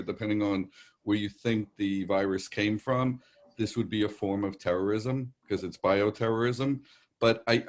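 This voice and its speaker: A man with a New York accent, a psychic medium giving rambling, reassuring readings on a live virtual show. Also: fairly low pitch. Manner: rambling, reassuring, relays messages in quotes.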